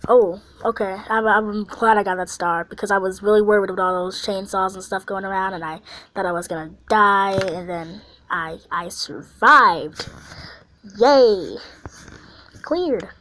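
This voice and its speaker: A woman giving casual commentary over a video game, swinging between quiet mumbling and excited squeals and panicked shouts. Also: mid-range voice, moderate pace, slight background noise, rough recording. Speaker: gameplay video host.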